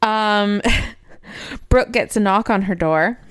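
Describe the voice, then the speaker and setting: A woman's voice: mid-range voice, slow pace, fairly bright tone, clean tone, no echo, clean studio sound. A woman co-hosting a podcast in casual chat, a chatty storyteller who laughs often and fills with "like". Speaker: podcast co-host. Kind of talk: casual chat recapping a TV show.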